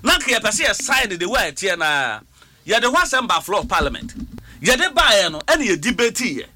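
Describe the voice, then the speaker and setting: A man's voice: sits high, very animated, moderate pace, sharp tone, slight background noise. A man with a Ghanaian accent, a member of parliament, arguing hard in a political debate. He talks over others and repeats words, switching between languages.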